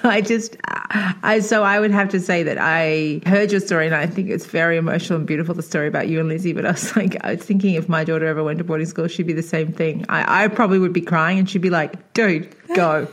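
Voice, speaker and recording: A woman's voice: on the low side, fast talker. A woman co-hosting a podcast in casual chat, laughing often and animating her quotes. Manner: chatty, laughs often, animated when quoting.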